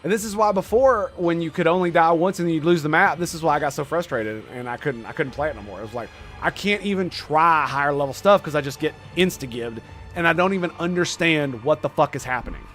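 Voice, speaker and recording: A man giving live gameplay commentary as a streamer, excitable and quick to swear and rant in exasperation. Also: a little high, faint music behind.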